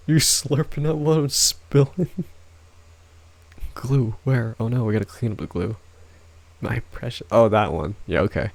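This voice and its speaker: Hoarse, breathy, gravelly-voiced man streaming. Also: deep voice, a little mellow. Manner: breathy, laughs often, rambling with restarts. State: hoarse, worn-out voice. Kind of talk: casual live-stream chat to viewers. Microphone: close ASMR microphone.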